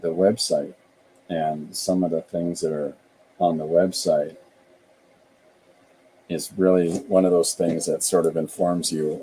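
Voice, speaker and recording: A man's voice: deep voice, flat delivery, unhurried, pauses often, dark tone, a little hiss or hum, rough recording. A middle-aged man from Canada, a podcast host and author, chatting casually and thinking aloud with frequent restarts.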